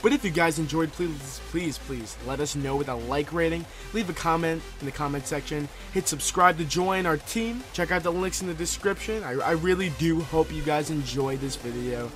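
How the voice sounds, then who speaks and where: A man's voice: on the high side, normal speed, few pauses, over music. A young man commentating over gameplay, telling a rambling, profane story in a casual way.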